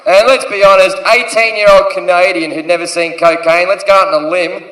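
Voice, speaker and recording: A man's voice: sits high, fairly even intonation, fairly quick, a bit bright. A man in his thirties with an Australian accent, doing a crude stand-up routine on a theatre stage and acting out the voices in his story. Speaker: stand-up comedian. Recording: echoey theatre from a distance.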